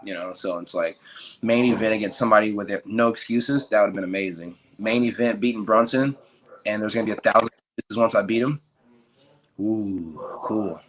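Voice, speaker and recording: A young male fighter answers interview questions in a relaxed, joking way, leaning on plenty of fillers. His voice sits a little low. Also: brisk. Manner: laid-back, joking, filler-heavy. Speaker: professional fighter.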